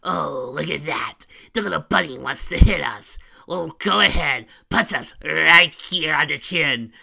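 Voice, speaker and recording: A fan reader voicing taunting insect-like monster minions, loud and mocking. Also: mid-range voice, expressive, measured pace, creaky, exaggerated voice. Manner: mocking, cackling.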